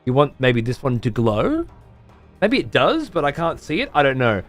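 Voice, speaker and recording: A man's voice: mid-range voice, huge pitch swings, moderate pace, soft background music. A man casually commentating on a strategy game while streaming, chatty and swearing freely as he mutters to himself.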